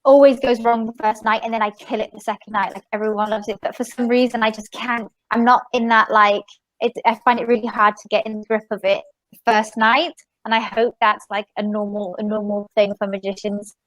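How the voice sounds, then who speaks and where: A woman magician and podcast guest, telling a story in a rambling, animated way with many fillers and restarts. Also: a little high, a little fast, no room sound, poor audio. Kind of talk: casual storytelling interview.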